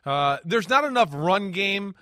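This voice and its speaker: A man co-hosting a sports podcast, brash and profane in loud, teasing casual banter. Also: high voice, expressive, measured pace, no room sound, studio quality. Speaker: podcast co-host, former player analyst.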